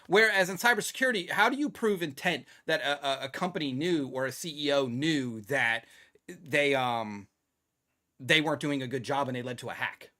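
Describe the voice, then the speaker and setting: A man hosts a casual tech news show, his voice sitting a touch high for a man. He talks with a sarcastic edge and laughs often. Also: expressive, normal speed, bright, forceful tone. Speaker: podcast host.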